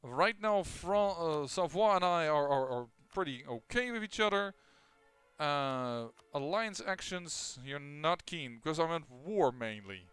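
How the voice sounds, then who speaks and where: A fairly high, smooth-voiced man talks his way through a strategy game, thinking aloud and stumbling over restarts and fillers. He sounds clean and close on a desk mic. Soft game music hums faintly beneath him. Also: lively intonation, a little slow, dry recording. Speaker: gameplay commentator. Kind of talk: casual strategy game commentary.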